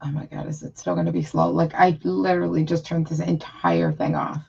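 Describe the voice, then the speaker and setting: A woman talks casually to her live stream viewers, her voice gravelly and husky. She rambles, frustrated, full of fillers and restarts. The audio is dull and lo-fi. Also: low-pitched, big pitch swings, a little fast, darkish tone.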